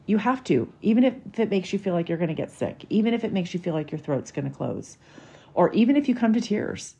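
A woman's voice: fairly low pitch, dark tone, husky. A woman, hosting a podcast and telling a personal story in a candid, emotional, chatty way. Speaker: podcast host. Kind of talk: casual storytelling monologue.

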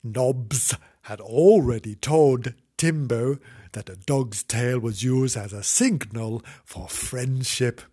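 A man's voice: medium pitch, slow, dark tone, slightly rough. A man reading a children's story aloud in a playful, sing-song way, breaking off into cheeky asides and mock apologies to the children.

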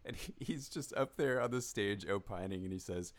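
Low-voiced man rambling casually. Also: normal speed. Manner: rambling, many fillers and restarts, laughs a lot. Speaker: podcast co-host. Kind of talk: casual chat.

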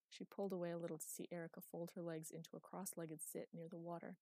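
Woman, audiobook narration, steady storytelling, lowish voice, dry close recording. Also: quick pace, hardly any pauses, dry recording. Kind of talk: scripted narration.

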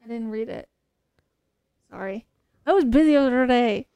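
A woman with a smooth, clear voice that sits a little high. She chimes in with quick reactions and short comments during a casual conversation. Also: animated, mellow. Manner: reacts with short interjections and laughs. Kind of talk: casual chat.

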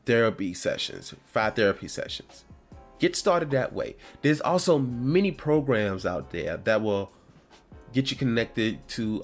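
A man hosting his own show, talking in a casual, rambling and heartfelt way from home. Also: medium pitch. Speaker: podcast host. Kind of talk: casual solo talk.

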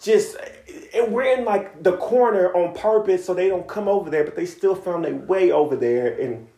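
A man co-hosting a casual podcast, chiming in on a shared story with profane, expressive talk. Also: sits high, moderate pace, roomy sound. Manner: expressive, profane, jumps in to finish stories. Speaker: podcast co-host.

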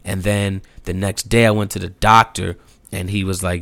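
A man's voice: low-pitched, moderate pace, creaky, dry recording. A young man telling a personal story in a casual, slangy and profane way, acting out the people in it. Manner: animated, slangy and profane, acts out quotes.

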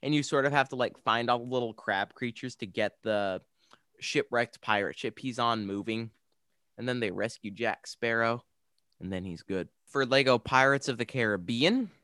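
A man's voice: medium pitch, fairly bright tone, clean tone, no room sound, studio quality. A young man co-hosting a casual podcast, talking enthusiastically and rambling with frequent restarts. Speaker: podcast co-host. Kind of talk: casual podcast chat about games.

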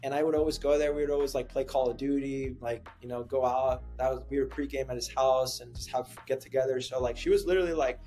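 Animated storytelling man, faint music. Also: medium pitch, quick pace, few pauses. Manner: animated, filler-heavy storytelling. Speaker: dating coach. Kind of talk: casual podcast storytelling.

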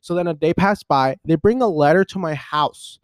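Twenty-something guy hosting a podcast, kinda high voice, animated, says "like" a ton. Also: moderate pace, dry recording, clean studio sound. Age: 20s. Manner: animated, rambling, heavy use of "like". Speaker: podcast host. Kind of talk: casual storytelling monologue.

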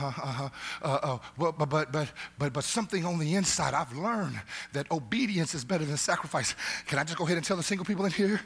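A man pastor preaching a sermon in a church, calling out to the congregation, repeating words and building to shouts. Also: fairly high pitch. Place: church sanctuary.

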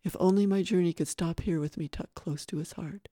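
A man reading a first-person story excerpt aloud in a gentle, expressive way, as co-host of a story podcast. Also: high voice, a little fast, dry recording, studio quality.

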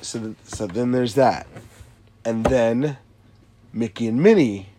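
A man's voice: medium pitch, slow pace, background noise. A man in his thirties telling a story in casual chat, swearing a lot and restarting his sentences often. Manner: profane, rambling with many restarts.

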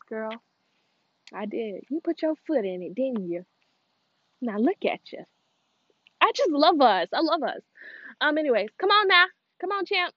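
A talkative woman vlogging at home while she cooks. Her voice sits a little high, and the recording sounds dry and dull. She rambles loosely between thoughts and breaks off to call her dog. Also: dry recording. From United States. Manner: chatty, meandering, stops to coax her dog. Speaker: cooking vlogger. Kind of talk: casual chat while cooking. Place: at home, moving between kitchen and outdoors.

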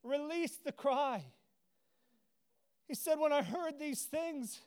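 A man's voice: very high-pitched, takes it slowly, long pauses, darkish tone. A man preaching an impassioned, earnest sermon, his voice rising into emotional cries, at times teary. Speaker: pastor.

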